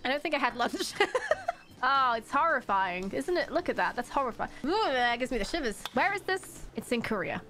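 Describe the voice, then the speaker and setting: A young woman streamer doing casual reaction commentary, excitable, laughing often and swearing freely. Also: sits high, normal speed.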